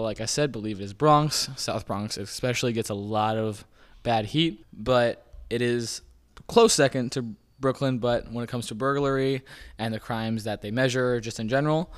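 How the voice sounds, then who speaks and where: A man hosting a podcast, explaining things in a loose, rambling way, often saying "kind of" and "like". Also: medium pitch. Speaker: podcast host. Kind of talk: casual informational talk.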